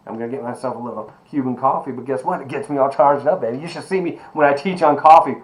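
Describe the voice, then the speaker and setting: A man teaching an online sociology lecture, animated and emphatic, asking rhetorical questions and calling his students baby. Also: mid-range voice, fast talker, rough recording. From Miami. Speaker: sociology professor.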